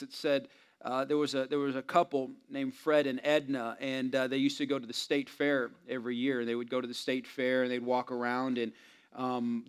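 A man's voice: mid-range voice, smooth. A man preaching a sermon as a pastor, telling stories in a conversational way with fillers and building emphasis through repetition. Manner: conversational storytelling with frequent fillers.

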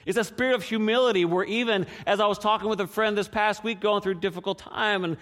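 A man preaching a sermon in a fairly high voice, talking to the congregation like a friend and firing off rhetorical questions. He swings between hushed prayer and lively emphasis. The sound carries a long reverb, as from a large church hall. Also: quick pace. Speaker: pastor.

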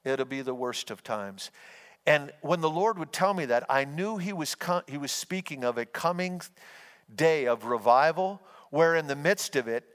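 With a voice on the high side, fairly bright and animated, a male pastor preaches at a moderate pace, trading in homespun stories and earnest encouragement. Long hall reverb fills the recording.

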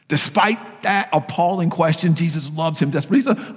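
A man preaching a sermon, telling a story with lively, casual asides. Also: a little high, fairly quick, hardly any pauses, slightly rough, in a large hall.

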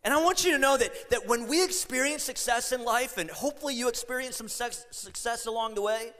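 Male pastor, high voice, chatty storytelling sermon, reverberant sanctuary. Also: a little fast, fairly bright tone. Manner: conversational, storytelling with asides and self-corrections. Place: church sanctuary. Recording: long hall reverb.

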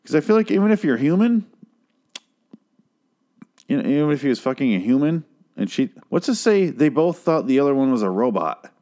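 A man's voice: medium pitch, very animated, brisk, pauses often, warm tone. A man hosting a podcast, talking in a casual, rambling way full of swearing and filler words. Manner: profane, rambling, with frequent fillers. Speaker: podcast host reviewing a TV series.

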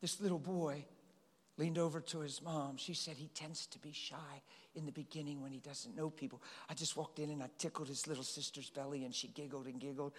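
With a fairly high voice that runs a little fast, a middle-aged pastor addresses his congregation in a church hall. His sermon is animated, full of stories and earnest pleading. The hall's long reverb is clearly audible.

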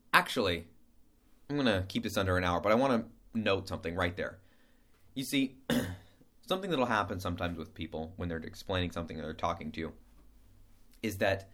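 A deep-voiced man rambles loosely through a relaxed, casual spoken lesson. He stumbles over his words, starts sentences over, and fills the gaps with playful scat sounds.

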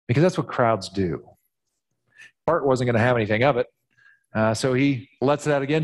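A male pastor preaching a sermon in an animated storytelling manner, acting out the voices. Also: medium pitch, moderate pace, pauses often. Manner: animated storytelling, acts out quotes.

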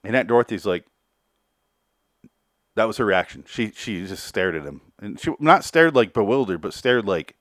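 A man's voice: lowish voice, expressive, normal speed, fairly bright tone, no echo, clean studio sound. A man hosting a podcast, giving a rambling, sarcastic and profane review of a cartoon episode in casual chat.

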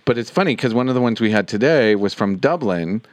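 A man's voice: lowish voice, expressive, fairly quick, no echo. A man co-hosting a podcast, easygoing and joking as he reads listener emails. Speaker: podcast co-host. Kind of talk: casual chat, reading listener emails.

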